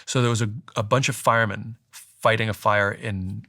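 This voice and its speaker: A man talking through a story in a conversation, reflective, restarting often and letting his sentences trail off low. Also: steady tone, moderate pace, pushed and bright, dry recording, clean studio sound.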